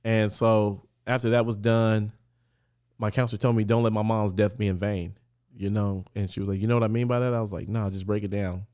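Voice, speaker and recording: Casting: man, low-ish voice, candid and earnest storyteller, casual street talk, podcast guest. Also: flat delivery, a little fast, darkish tone. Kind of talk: personal storytelling interview.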